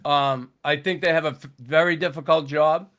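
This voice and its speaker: Older guy, gruff and blunt, swears a ton, voice sits a bit high. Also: steady tone, moderate pace, fairly bright tone. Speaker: podcast guest, former hockey enforcer. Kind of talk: casual storytelling chat.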